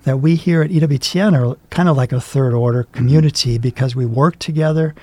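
A man's voice: mid-range voice, brisk, warm tone, dry recording. A man co-hosting a talk show, speaking in an earnest, reflective way. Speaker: co-host. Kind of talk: studio talk show discussion.

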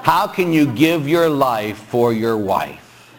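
A priest gives an animated sermon with a teasing, conversational delivery. He slows down for emphasis, tosses in a wry "huh?", and then bursts out with loud, mocking shouts. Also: medium pitch. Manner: animated storytelling, jumps into shouting; teasing, chatty, asks "huh?". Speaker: Catholic priest.

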